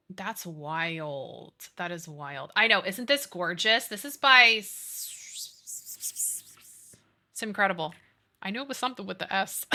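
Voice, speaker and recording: A young woman streamer chatting casually while she plays, giggly and quick to swear. Her voice is very bright, and her pitch swings widely as she talks. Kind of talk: casual live-stream chat while gaming.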